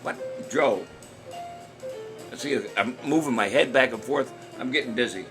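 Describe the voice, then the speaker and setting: An older man hosts a live-stream trivia show in a chatty, jokey way, chuckling at his own gags. His medium-pitched voice keeps a measured pace, with music playing underneath.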